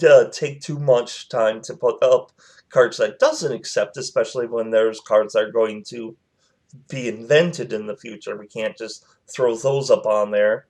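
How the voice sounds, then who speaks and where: Slow, rambling man telling a story. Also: mid-range voice, a little mellow. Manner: rambling, with many fillers and quoted dialogue. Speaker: channel host telling a personal story. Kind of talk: casual storytelling vlog.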